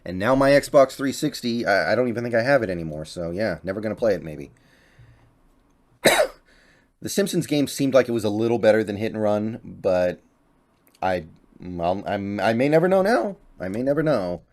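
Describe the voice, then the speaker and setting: Low-voiced chatty young man ranking games. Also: animated, moderate pace, pauses often. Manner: chatty, offhand, thinking aloud. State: slight cough and voice crack. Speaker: gaming YouTuber. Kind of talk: casual tier-list commentary.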